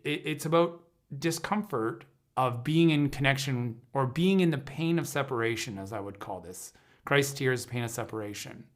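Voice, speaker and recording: On a livestream, an earnest man with a medium-pitched, slightly bright voice gives a reflective teaching talk. Speaking as an intuitive counselor, he frequently breaks off and restarts sentences while searching for the right words.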